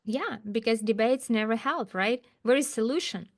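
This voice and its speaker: A woman speaking as an as an interview guest, talking about her work with emphatic, animated rhetorical questions. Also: fairly high pitch, moderate pace. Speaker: guest, agile coach. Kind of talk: interview conversation.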